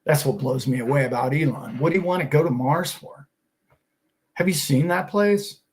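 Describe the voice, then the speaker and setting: A middle-aged man with a slightly high voice hosts a finance show. He talks in a casual, motivational way and fires off one rhetorical question after another. He sounds enthusiastic and a little preachy. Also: moderate pace. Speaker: host of a finance and crypto show.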